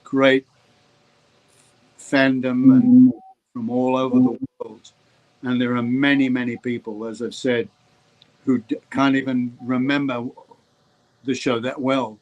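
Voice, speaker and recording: A man's voice: medium pitch, flat delivery, slow, pauses often, lo-fi sound. Older Australian man telling stories. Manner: warm anecdotal, hesitant with ums. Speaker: actor guest. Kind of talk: interview storytelling.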